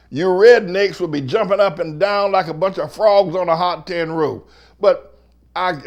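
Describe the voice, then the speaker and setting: Male pastor, high voice, emphatic, repetitive sermon delivery. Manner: emphatic, repetitive, swings from loud to low and scornful.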